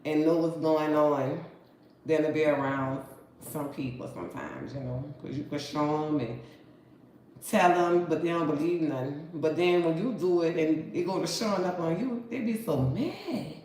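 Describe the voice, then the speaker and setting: A woman's voice: low voice, expressive, normal speed, a little mellow, a little hiss or hum. A woman with a New Orleans accent chatting casually to her viewers, folksy and talkative, calling them honey and baby. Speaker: vlogger. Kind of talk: casual chat to camera. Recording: echoey room with faint ambience.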